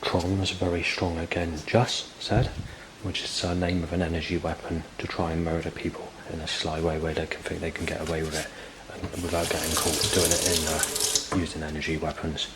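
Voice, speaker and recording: A man's voice: sits low, little pitch movement, normal speed, few pauses, background noise. A man, rambling and hesitant with many fillers, recording a spoken log indoors. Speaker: diarist recording a personal log. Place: indoors in a building.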